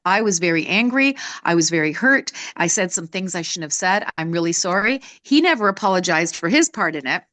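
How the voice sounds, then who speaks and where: A woman's voice: medium pitch, fairly bright tone, dry recording. A woman in her sixties, a personal development coach, telling a personal story in a candid, emphatic way during a live talk. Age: 60s. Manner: candid, emphatic, raises her voice to act out others in quotes.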